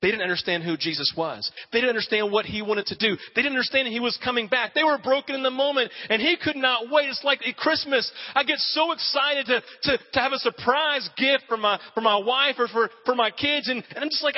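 A man in his forties preaching a sermon as a pastor, animated storytelling that acts out cheering and quotes with shouting bursts. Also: very high voice, normal speed, in a large hall, lo-fi sound.

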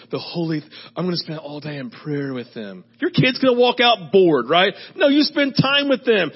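A man's voice: very high voice, husky. A middle-aged male pastor giving a chatty sermon, telling stories and often asking "right?". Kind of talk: conversational sermon. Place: church service. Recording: dull lo-fi sermon audio.

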